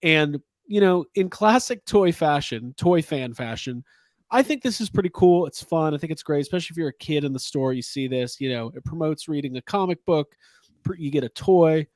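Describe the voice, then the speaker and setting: Man, podcast host, slightly high voice, rambling and filler-heavy, dry close mic. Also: expressive, normal speed, darkish tone, dry recording. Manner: rambling, lots of fillers and jokes. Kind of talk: casual podcast chat.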